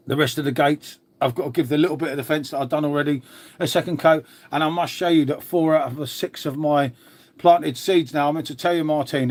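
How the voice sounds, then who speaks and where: A middle-aged Englishman hosts a live stream and reads out comments as he goes. He talks bluntly and matily and swears freely. His voice sits a little higher than most men's. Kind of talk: casual live chat reading comments.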